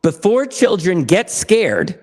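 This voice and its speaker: High-energy enthusiastic man. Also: takes it slowly. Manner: energetic, enthusiastic, acts out dialogue. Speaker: podcast guest, therapy program founder. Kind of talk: animated storytelling.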